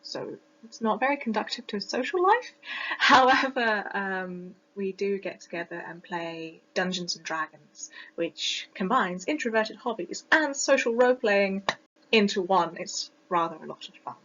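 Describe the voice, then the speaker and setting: A woman's voice: mid-range voice, lively intonation, moderate pace, pushed and bright. A woman with a British received pronunciation accent, giving a reflective personal presentation with frequent ums and restarts. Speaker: student presenter. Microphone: close mic that sometimes distorts. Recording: dull lo-fi home recording.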